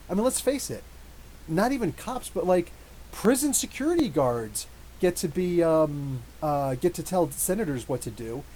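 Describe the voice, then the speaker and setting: A man in his thirties hosting a live podcast, reading out chat messages and rambling animatedly with quick asides and frequent laughs. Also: on the high side, mellow, a little hiss or hum, poor audio. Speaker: podcast host. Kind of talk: live stream chat reading super chats.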